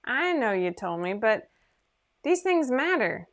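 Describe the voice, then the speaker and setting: A woman's voice: a little high, big pitch swings, unhurried. A woman hosting a casual sewing livestream from her home sewing room, chatting in a rambling, self-deprecating way into her computer microphone.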